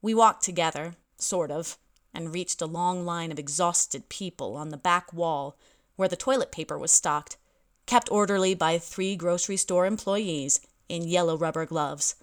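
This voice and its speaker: A young woman narrates her own story, wry and quick to poke fun at herself. Her voice sits a little low. The delivery is plain, first-person storytelling. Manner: wry, self-deprecating. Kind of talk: audiobook narration.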